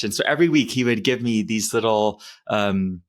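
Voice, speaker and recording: A man's voice: mid-range voice, moderate pace. A man co-hosting a podcast interview, telling a long story in a rambling way and often correcting himself. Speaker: podcast co-host. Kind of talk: casual interview chat.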